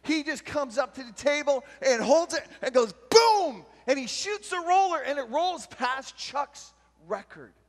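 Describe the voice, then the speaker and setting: High-voiced man in an echoing hall. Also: normal speed, hardly any pauses. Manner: animated storyteller who shouts out the punchlines. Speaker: youth pastor. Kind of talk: storytelling talk at a youth retreat. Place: large retreat meeting hall. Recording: long hall reverb from a live talk.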